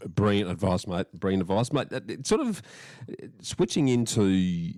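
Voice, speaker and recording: A man's voice: low-pitched, sing-song, moderate pace, dark tone. A man hosting a podcast, with encouraging replies and questions for his guest. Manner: encouraging, brief agreeing replies. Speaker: podcast host. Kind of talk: interview questions.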